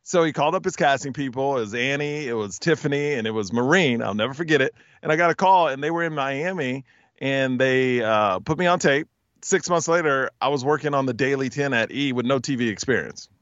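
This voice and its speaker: A man telling stories in a casual podcast interview, with a smooth radio-announcer voice. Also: mid-range voice, brisk, a bit bright, no echo, muffled recording. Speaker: podcast guest, TV host and stand-up comic.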